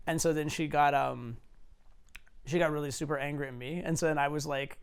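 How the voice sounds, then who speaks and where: This man in his forties, who works as a dating coach, has a clear, resonant voice on the higher side with fairly even intonation and a quick pace. He spins casual anecdotes, swearing freely and leaning heavily on fillers.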